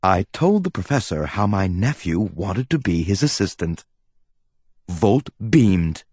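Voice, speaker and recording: A man narrating a children's storybook aloud with an animated, expressive delivery. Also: sits low, a little slow, breathy edge, no room sound. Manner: animated, wide-ranging delivery. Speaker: audiobook narrator.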